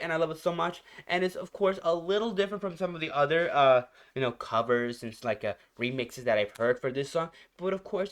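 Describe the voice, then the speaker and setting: A man's voice: mid-range voice, fairly bright tone. A man hosting a reaction channel, rambling casually, repeating phrases and searching for words as he reviews a song. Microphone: headphones.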